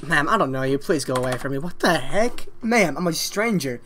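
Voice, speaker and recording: A man's voice: fairly high pitch, lively intonation, brisk, a crowd in the background. A man hosting casual video chats with strangers, talking in a brash, crude, mock-rude trolling way. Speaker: video chat prankster host.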